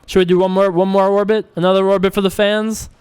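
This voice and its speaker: A man's voice: sits high, little pitch movement, fast, a little mellow, clear, resonant tone. A young man hosting a poker show, talking casually and joking as he plays online. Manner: chatty, joking, self-mocking. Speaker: poker player and show host. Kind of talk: casual commentary while playing online poker.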